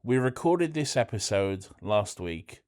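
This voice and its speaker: A man co-hosting a podcast, teasing his co-host in a deadpan, sweary way. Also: on the low side, measured pace. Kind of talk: casual chat.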